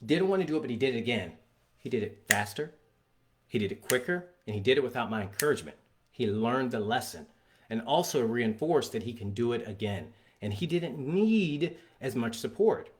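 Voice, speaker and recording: Energetic man giving a pep talk. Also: mid-range voice, normal speed, a little hiss or hum. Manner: energetic, emphatic, acts out scenes in voices. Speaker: fitness motivational speaker. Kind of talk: motivational talk.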